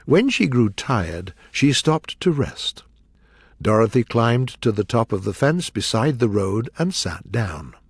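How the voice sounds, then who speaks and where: A man reading a children's story aloud in a clear, measured way. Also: medium pitch, big pitch swings, no echo, studio quality. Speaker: audiobook narrator. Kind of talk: storybook narration for learners.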